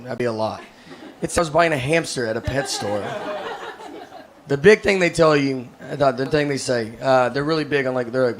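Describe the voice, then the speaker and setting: A middle-aged man doing a stand-up comedy set, telling rambling deadpan stories full of fillers. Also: medium pitch, a little fast, a little hiss or hum. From United States. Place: stage before a laughing audience.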